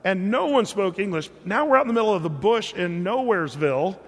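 A man preaching a sermon in a casual, storytelling manner, full of small restarts and filler words. His voice sits a little high for a man. The sound carries the long reverb of a large hall. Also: animated, fairly quick. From California. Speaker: pastor.

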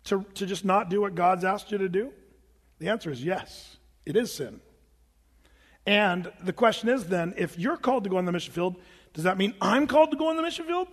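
High-voiced man preaching in a reverberant hall. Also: brisk. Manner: animated, acts out voices of family members. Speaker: pastor. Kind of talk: sermon storytelling.

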